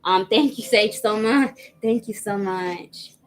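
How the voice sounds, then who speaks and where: A woman's voice: medium pitch, takes it slowly, soft background music, low-quality recording. A woman hosting a live tarot reading stream, greeting and thanking viewers by name in a chatty way, with frequent "um"s. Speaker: tarot reader hosting a livestream.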